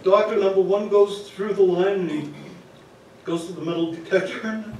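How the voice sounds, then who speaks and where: A man's voice: high voice, fairly even intonation, moderate pace, warm tone, slight background noise. A man telling a story live on a theater stage, chatting with the audience through asides. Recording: echoey theater from far off.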